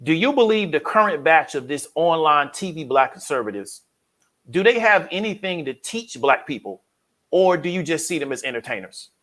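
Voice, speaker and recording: Interviewer: polite, measured man with a fairly high voice. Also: lively intonation, fairly bright tone.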